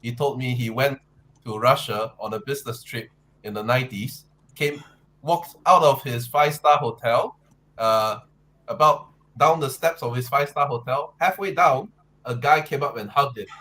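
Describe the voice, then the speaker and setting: A man's voice: medium pitch, moderate pace, pushed and bright, poor audio. Man telling an easygoing anecdote. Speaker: panelist. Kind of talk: casual chat on a call-in panel.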